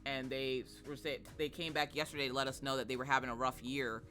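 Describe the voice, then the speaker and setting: A woman's voice: rumbling low, flat delivery, fast, pushed and bright, faint music behind. A woman hosting a live stream in casual chat, greeting viewers and laughing often. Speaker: streamer host.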